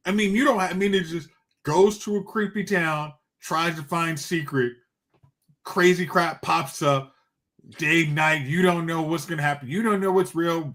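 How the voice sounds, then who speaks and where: A man co-hosting a casual movie podcast, ranting in excited bursts. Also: a little high, measured pace. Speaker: podcast co-host.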